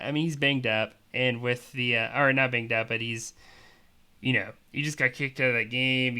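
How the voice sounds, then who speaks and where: A man's voice: mid-range voice, pushed and bright. A man hosting a fantasy league show, giving rambling, chatty matchup analysis full of fillers. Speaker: fantasy league podcast host. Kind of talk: casual sports talk commentary.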